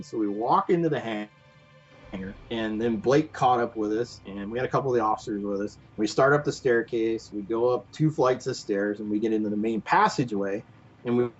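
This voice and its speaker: A man guest on a podcast, telling a long story in an animated, rambling way full of fillers. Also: medium pitch, slightly rough. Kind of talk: casual anecdote telling. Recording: dull lo-fi podcast audio with faint music.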